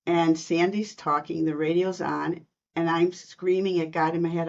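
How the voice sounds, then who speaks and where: A woman guest telling personal stories in a podcast interview, lively and laughing between lines. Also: lowish voice, normal speed, creaky, highs cut off. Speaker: guest, intuitive reader.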